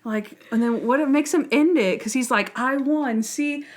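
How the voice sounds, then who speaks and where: A woman co-hosting a podcast in casual chat, animated and acting out scenes as she recounts them. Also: a little high, normal speed. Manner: animated, acts out lines from scenes. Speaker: podcast co-host.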